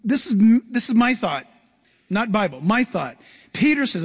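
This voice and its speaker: A man preaching a sermon as pastor, animated and acting out quoted lines, sometimes shouting them. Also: sits high, unhurried, husky.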